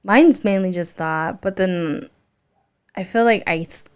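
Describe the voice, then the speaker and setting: A young woman co-hosting a podcast, talking quickly in casual chat. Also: mid-range voice, smooth. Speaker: podcast co-host.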